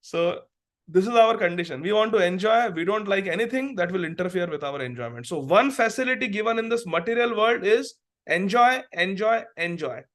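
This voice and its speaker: This is a middle-aged man teaching a devotional class, and his speaking voice sits on the high side. He talks earnestly and builds his points through stories from his work as a doctor. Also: lively intonation, a little fast, fairly bright tone. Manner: earnest, storytelling with acted quotes. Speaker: preacher and physician.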